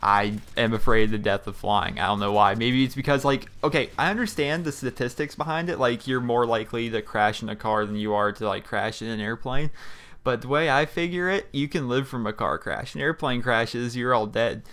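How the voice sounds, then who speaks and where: This young Pennsylvania man, a gaming YouTuber, has a medium-pitched, fairly bright voice and talks fairly quickly. He gives loose, rambling commentary over gameplay from a small home room, full of fillers and restarts.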